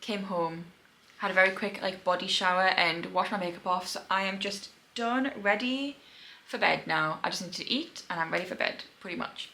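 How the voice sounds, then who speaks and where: Chatty young woman, bright voice. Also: lowish voice, moderate pace, low-quality recording. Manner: chatty, laughs often. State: tired. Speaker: book vlogger. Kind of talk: casual reading vlog. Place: home indoors.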